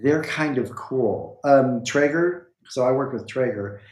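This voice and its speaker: A man telling a long story in a casual chat, rambling with restarts and acting out quoted lines with big jumps in pitch. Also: unhurried, reverberant, rough recording. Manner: animated, acts out quoted lines with a jumping pitch.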